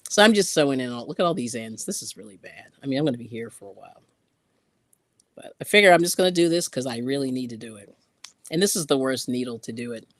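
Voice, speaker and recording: A woman's voice: very deep voice, animated, fast talker, no echo. A woman hosting a casual craft live stream, chatting and laughing often as she reads out viewer comments while sewing in yarn ends.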